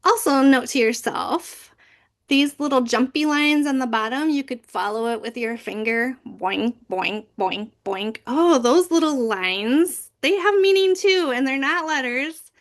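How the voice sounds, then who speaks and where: A woman giving a training session on reading picture books aloud, breaking into big, playful voices for the characters. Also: a little high. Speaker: library youth services manager.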